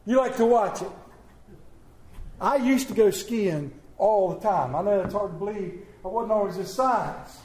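Man preaching, high voice, slow emphatic reading, jokey back-and-forth with the congregation, echoey church hall. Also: darkish tone, slight background noise. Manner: slow emphatic scripture reading, then joking banter with the congregation. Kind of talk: sermon with scripture reading and audience questions. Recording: echoey room.

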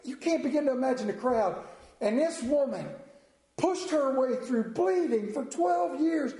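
A man's voice: very high voice, expressive, unhurried. Fervent preacher man, echoey room. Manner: emotional, intense, swinging between loud fervor and hushed reading. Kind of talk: sermon.

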